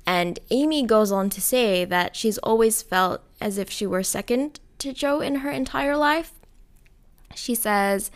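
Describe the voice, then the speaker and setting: A woman's voice: a little high, unhurried. A young woman giving casual, gushing film commentary, giggling and talking straight to her viewers. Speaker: film vlogger.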